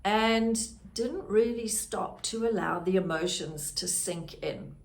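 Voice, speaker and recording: Slow, gravelly woman. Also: mid-range voice. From South Africa. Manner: candid and reflective, unhurried. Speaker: podcast host, grief guide. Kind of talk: personal storytelling.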